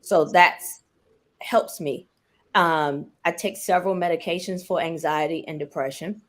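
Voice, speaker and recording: Woman guest sharing her story, candid and open, lowish pitch. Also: steady tone, a little slow. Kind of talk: personal story on a panel.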